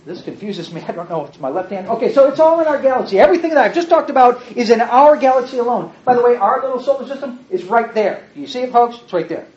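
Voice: mid-range voice, animated, quick pace, few pauses, darkish tone. Folksy preacher walking folks thru slides, voice jumps up n down a lot, kinda muffled lo-fi audio. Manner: folksy, talks to the congregation as "folks"; pointing at pictures while explaining. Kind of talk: sermon with slides.

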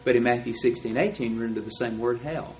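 A man's voice: mid-range voice, steady tone, quick pace, a little mellow, a little hiss or hum, low-quality recording. A man teaching a Bible class, explaining texts in an emphatic, lecturing way. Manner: emphatic, explanatory, stresses key words.

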